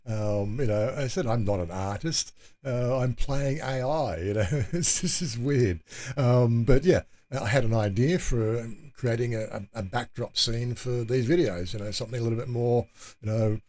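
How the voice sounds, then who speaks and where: A man hosting a casual vlog, rambling and hesitant, circling back over his words with plenty of fillers. His voice sits at an ordinary middle pitch. He thinks out loud as he talks. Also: normal speed. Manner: meandering, hesitant, many fillers and restarts. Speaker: channel host.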